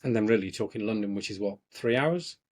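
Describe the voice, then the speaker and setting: A man hosting an interview, asking relaxed questions and prompting with tag questions. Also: fairly low pitch, quick pace. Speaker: interviewer, host.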